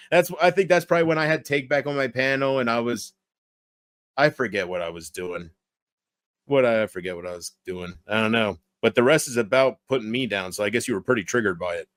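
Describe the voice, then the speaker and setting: A man's voice: mid-range voice, fairly bright tone, no echo. Guy on a late night stream rambling, swears a lot, voice jumps all over, dry sound. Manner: rambling, crude, swears often. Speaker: livestreamer.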